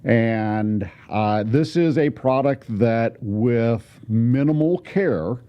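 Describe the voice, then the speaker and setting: A man's voice: medium pitch, slow pace, smooth, dry recording, muffled recording. A man appearing as a guest on a business show, answering questions briefly. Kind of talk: interview.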